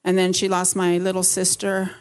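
Nervous woman speaking in a flat voice. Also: lowish voice, moderate pace. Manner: nervous, modest. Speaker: church member honoring her mother. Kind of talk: short church tribute. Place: church service.

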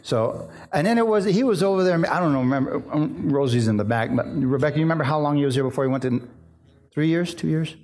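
A man's voice: fairly high pitch, fast. A middle-aged male pastor preaching a sermon, telling stories with acted-out voices and often asking the crowd for an amen. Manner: lively storytelling, acts out voices, asks "amen?".

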